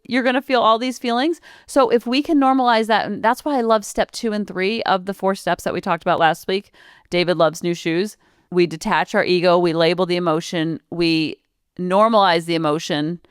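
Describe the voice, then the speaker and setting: A woman's voice: medium pitch, smooth, no echo, studio quality. A woman in her forties hosting a parenting podcast, chatting casually and piling up long lists of examples. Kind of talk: casual solo podcast talk.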